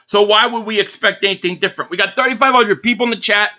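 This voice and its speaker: High, bright, excitable male stream host. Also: fast talker. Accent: Philadelphia. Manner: excitable fan commentary, reading out super chats. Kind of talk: live play-by-play reaction stream.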